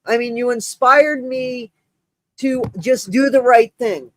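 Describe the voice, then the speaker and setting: Very high-pitched and slow-paced, this male stream host chats casually on a live stream recorded without echo. He is breathless, gushing and rambling, full of restarts and shout-outs.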